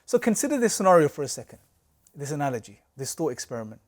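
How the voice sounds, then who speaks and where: A man's voice: a little high, big pitch swings, quick pace. A man teaching a recorded religious lecture, explaining with rhetorical questions and a storytelling analogy. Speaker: course teacher.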